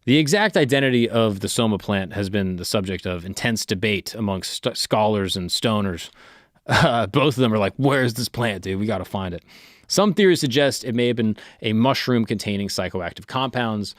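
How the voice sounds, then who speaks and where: Guy hosting a history podcast, kinda low voice, cracks jokes between the facts. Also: animated, normal speed, no room sound, clean studio sound. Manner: irreverent, joking asides between reading. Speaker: podcast host.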